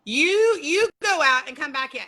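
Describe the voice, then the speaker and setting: Bubbly high-voiced woman greeting viewers. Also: lively intonation, moderate pace, bright, forceful tone. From Southern California. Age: middle-aged. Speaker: livestream host. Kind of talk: casual livestream chat greeting viewers.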